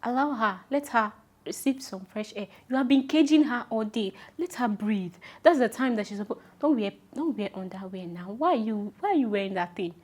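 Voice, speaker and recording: A young Nigerian-accented woman vlogs casual advice to camera, chatty and affectionate, calling her viewers "my love" and emphatically repeating her instructions. Her voice is on the high side, animated and a little mellow, and she talks a little fast.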